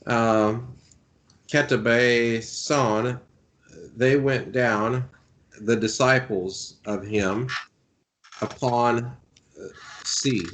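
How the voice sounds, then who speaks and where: Slow, hesitant male student. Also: mid-range voice, fairly even intonation, fairly bright tone. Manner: hesitant, halting, lots of uh. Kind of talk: classroom translation exercise.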